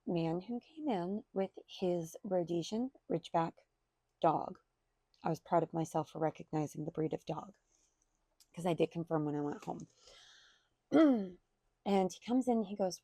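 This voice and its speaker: Gravelly low-voiced woman vlogger. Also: mellow, dry recording. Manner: chatty, rambling, self-deprecating. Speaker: crochet maker selling at markets. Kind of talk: casual market recap vlog. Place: at home by her computer.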